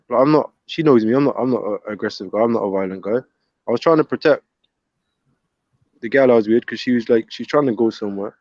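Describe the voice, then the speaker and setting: A man, talking fast and rambling as a caller from a hospital ward, often repeating and stumbling over his words. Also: medium pitch, darkish tone, no echo, muffled recording. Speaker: caller speaking from a psychiatric ward. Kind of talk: rambling casual chat.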